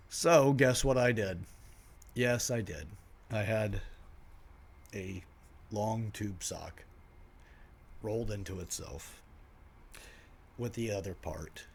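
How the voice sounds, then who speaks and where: A man in his forties, a podcast host, telling a personal story in an animated way, acting out what people said and laughing at himself. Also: lowish voice, takes it slowly, long pauses.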